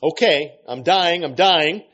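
A man putting on a shrill shrieking demon. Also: takes it slowly, slightly rough, exaggerated voice. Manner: shrill, shouting replies. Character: shrieking demon inside a possessed woman. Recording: dull lo-fi recording.

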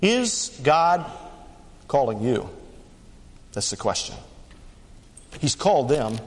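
A man preaching a sermon as pastor, swinging between fast punchy lines and slow emphatic ones. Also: sing-song, big-room sound. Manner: dramatic rises and drops in pitch and pace.

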